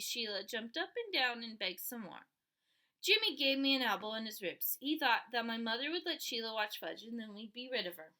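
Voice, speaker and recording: Animated woman reading a children's book. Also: fairly high pitch, normal speed. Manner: animated storytelling with voiced characters. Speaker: audiobook reader. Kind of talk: reading a children's novel aloud.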